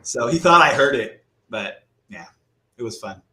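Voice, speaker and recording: Canadian man, podcast co-host, bright forceful voice, loose profane banter, roomy echo. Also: mid-range voice, animated, measured pace. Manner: swearing, joking banter. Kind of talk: casual chat.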